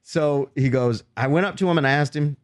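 A man co-hosting a casual comedy podcast, telling relaxed stories with lots of fillers. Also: on the high side, moderate pace, smooth, no room sound, clean studio sound. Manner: relaxed storyteller with fillers, laughs easily. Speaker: podcast co-host.

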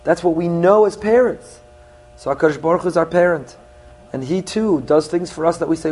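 Rabbi delivering a sermon, middle-aged man, slightly high voice, earnest, Hebrew phrases in English. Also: fairly quick, darkish tone. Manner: earnest teaching, with rising emphasis on key points.

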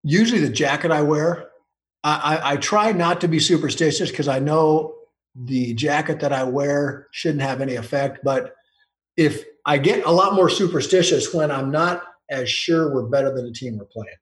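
A man's voice: fairly high pitch, normal speed, reverberant, rough recording. A man, a football coach, telling long casual anecdotes with frequent restarts and small laughs. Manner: rambling anecdotes with restarts and chuckles. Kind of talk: casual storytelling interview.

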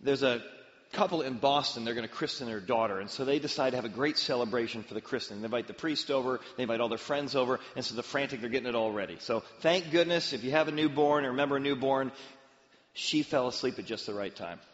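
A pastor's medium-pitched voice moves quickly through a sermon full of stories, now and then bringing characters to life with lively acted-out voices. The sound is lo-fi, with a long reverb tail.

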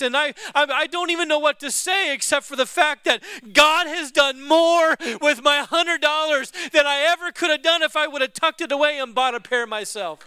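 A man voicing a grateful, tearful grown man whose voice climbs high and loud with emotion. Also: clear, resonant tone, no room sound.

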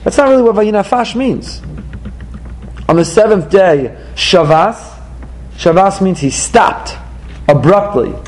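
Questioning male Torah teacher, high voice. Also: animated, a little hiss or hum, rough recording. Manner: probing, rapid-fire rhetorical questions. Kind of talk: text study class with students.

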